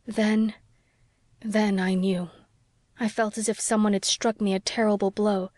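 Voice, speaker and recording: A woman's voice: medium pitch, flat delivery, a little slow, darkish tone, no echo, studio quality, natural voice. A woman voicing a restless, passionate young woman in anguish, read with fervent, pleading delivery in an audiobook. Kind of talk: audiobook character reading.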